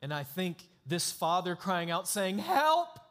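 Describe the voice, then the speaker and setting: A male pastor preaching a sermon in an emphatic, dramatic way, swinging between hushed and loud. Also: high-pitched, steady tone, a little slow, smooth.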